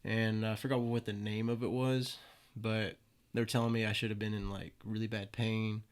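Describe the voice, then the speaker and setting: A man's voice: lowish voice, little pitch movement, normal speed, clear, resonant tone. A young man, a podcast guest, casually telling stories with plenty of swearing and acted-out quotes. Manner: laid-back, swears freely, acts out quoted voices. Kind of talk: casual storytelling interview.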